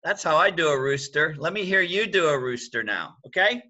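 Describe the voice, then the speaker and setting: A man's voice: fairly high pitch, animated, moderate pace, sharp tone. An older man, a grandfather, reading a picture book aloud to young children, coaxing them to join in and making the animal sounds himself. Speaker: grandfather reading a bedtime story.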